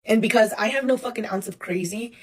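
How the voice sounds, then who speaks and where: A woman in her thirties telling a personal story for a casual storytime vlog, animated and profane, acting out the people she quotes. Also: on the high side, fast talker, slightly rough. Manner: animated, profane, dramatic retelling with acted-out quotes. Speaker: storyteller recounting her own life.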